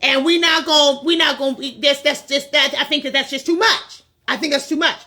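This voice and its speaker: A woman playing a loud, boastful grown man. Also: high voice, fairly even intonation, fairly quick, pitched above the performer's own voice. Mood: insistent.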